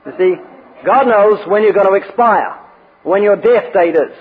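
A man's voice: sits high, moderate pace. A man preaching a sermon, reading scripture and telling joking anecdotes. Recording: phone-like radio broadcast with long reverb.

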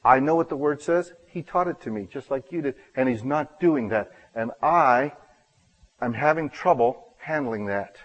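Male pastor, sermon delivery, earnest self-deprecating storyteller, voices the dialogue, pushes to loud bursts, mid-pitched voice. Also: moderate pace, dull audio.

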